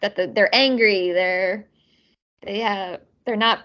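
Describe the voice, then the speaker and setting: A woman's voice: mid-range voice, slow pace. A woman guest chatting casually on a podcast, rambling with lots of fillers and frequent laughs. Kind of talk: casual chat. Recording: dull lo-fi audio.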